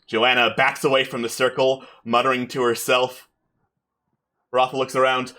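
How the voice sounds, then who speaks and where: A man runs a tabletop game as game master, narrating with a playful, lively touch. His voice is bright and forceful. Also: mid-range voice, normal speed.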